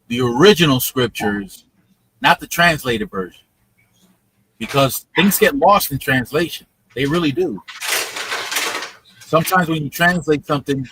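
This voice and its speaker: Man, live-stream host, casual chat, higher pitch, lively swings, repeats himself. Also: a little hiss or hum. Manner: animated, laughing, repeats words. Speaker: livestream host.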